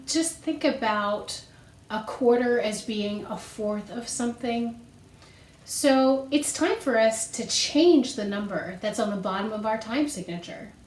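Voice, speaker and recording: Patient woman teaching music slowly. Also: fairly high pitch, darkish tone, reverberant. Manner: patient, explains step by step and counts beats aloud. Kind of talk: recorded music lesson for children.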